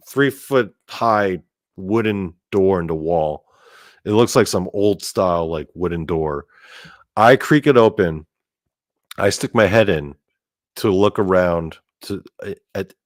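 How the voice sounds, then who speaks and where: A man telling a story in a casual monologue, animated and profane, with lots of "like" fillers. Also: on the low side, no echo, clean studio sound. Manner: animated and profane, heavy use of "like". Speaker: storyteller host.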